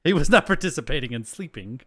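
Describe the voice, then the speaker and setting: A man's voice: fairly high pitch, expressive, quick pace, a crowd in the background. A man co-hosting a chat show, chiming in with jokes and short remarks. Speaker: podcast co-host. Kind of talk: casual chat.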